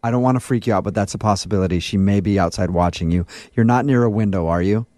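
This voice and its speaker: A radio host pulling a prank phone call, his voice sitting low. He talks with urgent, mock-serious warnings, playing the straight man to keep the ruse going. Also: fast, a little mellow, no echo, clean studio sound.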